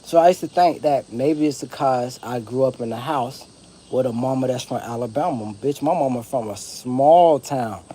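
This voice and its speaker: Speaking with a Southern accent, this Broward County, Florida vlogger rambles casually to camera, swearing freely and staying relaxed. His medium-pitched voice is warm in tone and moves at a normal pace, with slight background noise.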